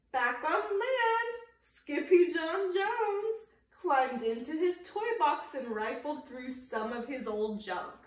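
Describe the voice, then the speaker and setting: A woman preschool teacher reading a storybook aloud to children with animated, expressive storytelling. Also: high-pitched, roomy sound, distant mic.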